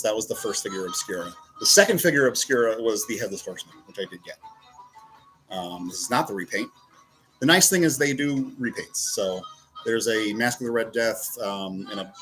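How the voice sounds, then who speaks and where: Posing toy figures as he reviews them, a man chats casually and rambles, often breaking into talk to himself. His mid-range voice is animated and fairly bright at a moderate pace, with faint music behind a rough recording.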